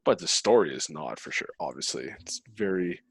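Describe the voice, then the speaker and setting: Casual book club member, man, lower voice, rambling, dry close sound. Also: animated, moderate pace, vocal fry, husky, dry recording. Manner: rambling, many fillers. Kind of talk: casual chat.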